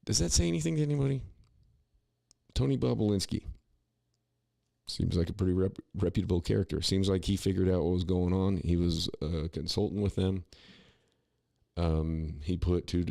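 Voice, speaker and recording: Man, very low voice, gravelly fry, dry close sound, casual rambling commentary. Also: little pitch movement, normal speed, dark tone, dry recording. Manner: rambling, opinionated, many restarts and "you know"s. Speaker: podcast co-host.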